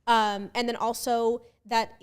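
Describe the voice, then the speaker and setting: Earnest woman podcast host, higher voice. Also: flat delivery, a little slow, smooth. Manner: earnest, reflective, emotional. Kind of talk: casual podcast interview.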